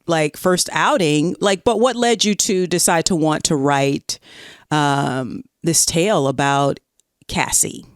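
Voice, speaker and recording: A woman with a Southern American accent co-hosting a comedy podcast in casual chat, bubbly and quick to laugh. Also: no room sound, clean studio sound. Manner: bubbly, laughs often, swoops up high. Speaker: podcast co-host.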